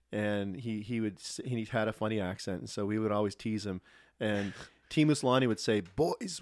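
A former pro hockey player, a man, telling relaxed, rambling stories as a podcast guest. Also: fairly low pitch, no echo, studio quality. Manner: relaxed, anecdotal, lots of restarts. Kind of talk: casual storytelling.

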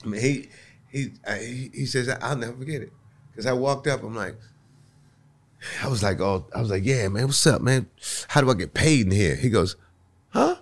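A man's voice: medium pitch, moderate pace. A male comedian telling a story in casual conversation, laughing often and acting out the voices of people in it. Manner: animated, laughs often, acts out voices in his stories. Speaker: guest comedian.

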